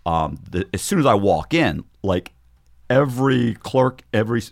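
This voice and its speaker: A man guest in an interview, telling a story with animated, quick run-on phrasing. He acts out the people he quotes with sudden jumps in pitch. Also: gravelly. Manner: rapid, repetitive run-on phrasing with frequent restarts. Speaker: podcast guest.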